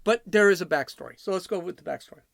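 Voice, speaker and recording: A man's voice: high voice, quick pace, gravelly, a bit bright, dry recording, clean studio sound. A middle-aged man from Chicago hosting his own solo podcast, rambling, blunt and opinionated, often breaking off mid-sentence. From Chicago, USA. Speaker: podcast host.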